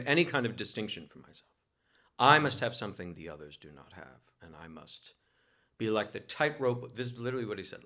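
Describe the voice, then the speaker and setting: In a casual interview, a guest from New York recounts a spirited story that makes fun of himself, laughing as he goes. He has a somewhat low voice.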